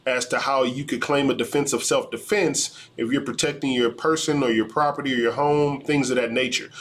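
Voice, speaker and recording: A man, an attorney, giving measured, explanatory legal commentary on a video. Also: medium pitch, a bit bright.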